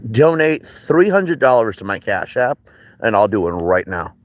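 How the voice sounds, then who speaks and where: A man's voice: on the low side, sing-song, normal speed, rough recording. A man in his thirties from Michigan, streaming live and chatting loosely with viewers. He rambles, jokes sarcastically and swears freely. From Michigan, United States. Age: 30s. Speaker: livestreamer. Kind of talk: casual livestream chat, reading viewer comments.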